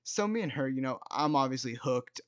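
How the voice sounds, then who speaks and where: Teen dude rambling thru a storytime, kinda self-roasting, dull lo-fi dry audio. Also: male voice, mid-range voice, expressive, a little fast, clear, resonant tone, no echo. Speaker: storytime video host. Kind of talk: casual storytime monologue.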